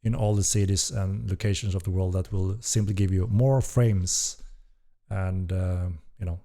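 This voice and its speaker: A man hosting a casual live-stream Q&A as a game developer, reading chat questions aloud with relaxed, hesitant speech and casual swearing. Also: low-pitched, normal speed.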